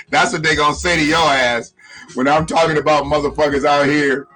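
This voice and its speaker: Animated male live-stream host, bright and loud, cursing and joking, music under him. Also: a little high, rough recording. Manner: loud, profane, joking, greets viewers by name. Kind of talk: casual live-stream chat. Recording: music playing in the background.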